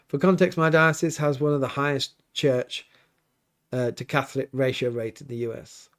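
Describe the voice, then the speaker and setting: A man, a priest hosting a relaxed livestream, reading viewer comments aloud and chatting back with an easygoing, often laughing manner. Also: mid-range voice, moderate pace. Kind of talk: casual livestream chat. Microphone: livestream mic.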